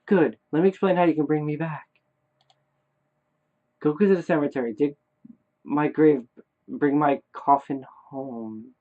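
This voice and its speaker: A man's voice: fairly high pitch, steady tone, a little slow, long pauses, pitched above the performer's own voice, natural voice. A man doing a pleading ghost boy. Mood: commanding. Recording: tinny phone-like sound.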